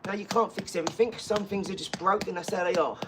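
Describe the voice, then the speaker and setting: A man's voice: sits high, quick pace, background noise. A man chatting on a live stream from his garage gym, talkative and boastful, full of enthusiasm and rambling asides. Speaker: fitness streamer.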